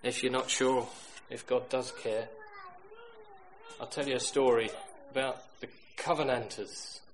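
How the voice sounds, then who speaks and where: A man's voice: medium pitch, fairly even intonation, a little slow, poor audio. Storytelling male preacher with faint hiss. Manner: storytelling, swings from loud emphatic to quiet. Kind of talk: sermon.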